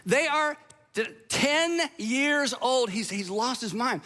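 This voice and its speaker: A man's voice: very high-pitched, animated, slow, sharp tone. A man preaching a sermon to a live audience, telling stories in a conversational way with self-deprecating humor. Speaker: pastor.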